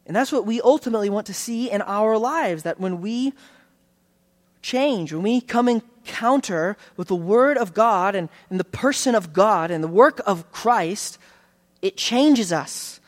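A man's voice: high-pitched, animated. Man preaching an earnest, conversational sermon. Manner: earnest, conversational preaching with frequent restarts and slowed emphasis. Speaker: pastor.

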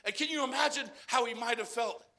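A man from Arizona preaching a folksy sermon, repeating himself as he builds to loud exhortation and then drops quiet. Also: very high voice, brisk.

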